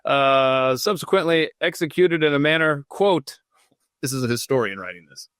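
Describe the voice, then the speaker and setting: A man's voice: medium pitch, normal speed, a bit bright, dry recording, clean studio sound. Rambling jokey man on a podcast. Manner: rambling and jokey, reading aloud and stopping to riff. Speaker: podcast host. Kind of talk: casual solo podcast monologue. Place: home studio.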